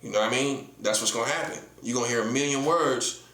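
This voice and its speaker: A man's voice: mid-range voice, quick pace, pushed and bright, reverberant. A man from North Carolina with a Southern accent, preaching in a casual, emphatic monologue full of rhetorical questions and slang. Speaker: prophet.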